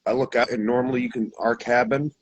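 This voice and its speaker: A man's voice: medium pitch, steady tone, quick pace, lo-fi sound. A man from Montana casually telling a long personal story, rambling, with many asides and self-corrections. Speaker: guest telling an encounter story.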